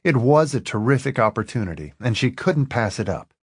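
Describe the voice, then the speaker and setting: A man narrating an audiobook in an expressive, lively reading. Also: medium pitch, fairly quick, husky, dry recording, studio quality.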